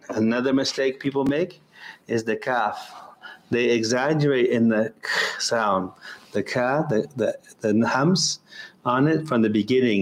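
A man teaching pronunciation patiently, repeating each sound over and over and slowing down to chant the examples. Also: mid-range voice. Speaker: Quran recitation teacher. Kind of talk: pronunciation lesson.

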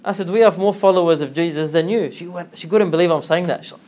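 A man giving an informal religious lesson, slipping into a story and acting out both sides of an argument. His voice sits a little high and he laughs easily. A faint hiss of room noise runs under him. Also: fast. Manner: animated storytelling, acts out dialogue, laughs often. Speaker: religious teacher giving a talk.

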